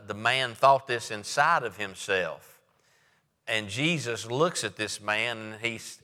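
A man preaching a sermon, reading scripture aloud and explaining it in a measured way with frequent "uh" fillers. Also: fairly low pitch, pushed and bright, long reverb tail.

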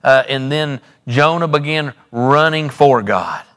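A man preaches a sermon in a church sanctuary, his voice ringing out with a long hall echo. He works in repetition, swelling up, then dropping low. His pitch sits in an ordinary middle range. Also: slow pace, fairly bright tone, clean tone. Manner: preacherly, repetitive, rises and drops dramatically. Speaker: pastor.

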